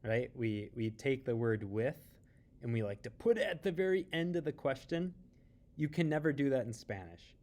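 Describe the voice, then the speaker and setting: A man teaching Spanish grammar in English, patiently explaining and slowly repeating example questions. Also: mid-range voice, sing-song, darkish tone. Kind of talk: tutorial explanation.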